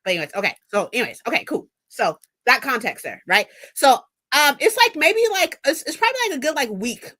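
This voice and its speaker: A young woman in her twenties telling a story in a casual vlog, animated and profane, laughing often. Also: fairly high pitch. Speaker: vlogger.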